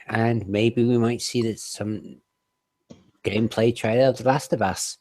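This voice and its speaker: A man on a casual gaming podcast, teasing the others and talking excitedly about games. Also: mid-range voice, unhurried. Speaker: podcast co-host. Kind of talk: casual group chat.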